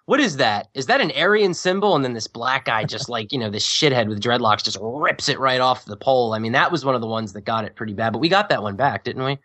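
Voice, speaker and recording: Fast, bright-voiced man rambling. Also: medium pitch. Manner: rambling, restarts sentences. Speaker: guest. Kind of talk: casual chat.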